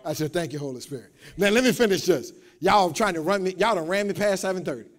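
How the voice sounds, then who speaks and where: A man preaching a sermon to a congregation in a call-and-response style, repeating phrases and building up to shouts. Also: sits high, fast. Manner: repeats words, talks straight to the congregation. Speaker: pastor. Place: church.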